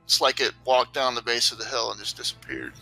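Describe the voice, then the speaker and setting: Rambling game master, very bright voice. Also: male voice, mid-range voice, fairly even intonation, fairly quick, vocal fry, faint music behind, low-quality recording. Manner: rambling, loose, many fillers. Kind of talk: narrating a tabletop game. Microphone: online voice call.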